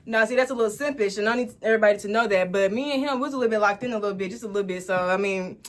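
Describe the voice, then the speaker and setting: A woman in her twenties from Dallas, telling a casual storytime to her viewers with animated, dramatic delivery. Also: on the high side, rapid-fire, loud music behind the voice. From Dallas, Texas, USA. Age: 20s. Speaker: storytime vlogger.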